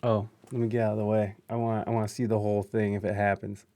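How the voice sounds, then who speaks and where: A man's voice: fairly low pitch, level tone, fast, mellow, no echo. A man hosting a live-streamed podcast, chatting casually and venting about technical trouble, swearing and rambling with lots of fillers. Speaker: podcast host. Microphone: video call.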